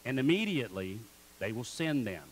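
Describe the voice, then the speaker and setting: A man's voice: mid-range voice, sing-song, normal speed, slight background noise, poor audio. A man preaching a sermon in church as pastor, calling on the congregation to repeat words back. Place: church sanctuary.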